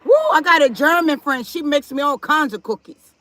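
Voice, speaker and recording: A woman's voice: high voice, moderate pace, bright, forceful tone, no room sound. A woman hosting a live stream, chatting casually with viewers and reading their comments aloud, firm about respect in her chat. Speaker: livestream host.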